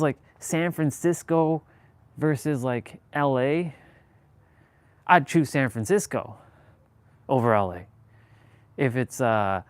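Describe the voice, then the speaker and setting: A man from Southern California talks casually on a livestream, his mid-pitched voice rambling along with plenty of fillers and the odd swear word. The sound is dry and close, with almost no room echo. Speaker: livestream host. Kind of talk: casual chat. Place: indoors, away from the city he talks about.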